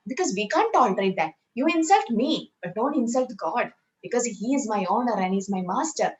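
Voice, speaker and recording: A woman's voice: on the high side, expressive, fairly quick, rough recording. A woman from India, teaching a scripture class in a conversational way and often checking with "right?".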